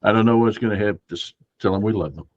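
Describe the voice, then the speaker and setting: A man's voice: lowish voice, quick pace, a little mellow, no room sound. A man playing a tabletop game, narrating his character's moves with jokes. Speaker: player. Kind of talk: casual tabletop play. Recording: dull lo-fi mic.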